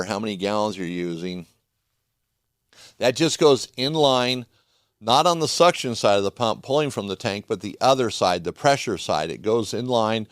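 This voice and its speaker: Folksy low-voiced man, chatty. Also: clean tone, dry recording, clean studio sound. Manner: folksy, chatty, rambling with restarts. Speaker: podcast host. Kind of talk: casual product talk.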